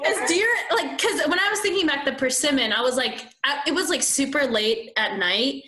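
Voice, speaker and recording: A woman's voice: high-pitched, expressive, normal speed, bright, forceful tone. A woman co-hosting a casual podcast, giggly and rambling with many fillers. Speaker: podcast co-host.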